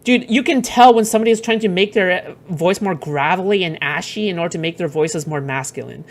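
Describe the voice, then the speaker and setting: A woman's voice: on the low side, fairly quick. A woman streaming, reacting to clips in casual commentary, blunt and profane, rambling with lots of fillers.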